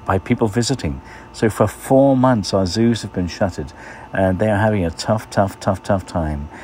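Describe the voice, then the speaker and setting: A man's voice: fairly low pitch, normal speed, a little hiss or hum. A man hosting a casual segment, chatting loosely with lots of fillers. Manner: relaxed, chatty, many uh fillers. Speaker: radio host. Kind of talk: casual weekly segment chat.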